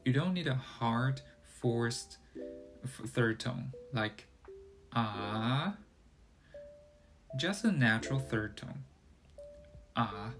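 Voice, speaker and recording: Slow-speaking teacher, man. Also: mid-range voice. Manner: slow, deliberate explaining with sung tone demonstrations. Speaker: Chinese teacher. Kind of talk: scripted podcast lesson. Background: guitar music.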